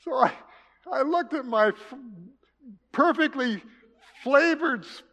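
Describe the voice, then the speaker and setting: Folksy older pastor, high voice, echoing hall. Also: male voice, slow, highs cut off. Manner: folksy storytelling with jokes, drops to a soft hush. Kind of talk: sermon. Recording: long reverb of a large hall.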